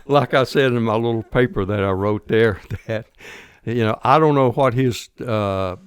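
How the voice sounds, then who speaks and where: A man's voice: mid-range voice, moderate pace, smooth, no room sound, clean studio sound. An older man telling his war story in a folksy, plainspoken interview manner. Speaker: guest veteran.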